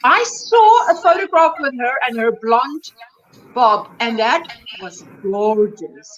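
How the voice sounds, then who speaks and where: A high-pitched woman hosts a casual livestream, reading out viewers' comments and chatting back about them. The sound is dull and lo-fi. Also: expressive, slow, a little hiss or hum. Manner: reads comments aloud and reacts warmly. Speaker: livestream host.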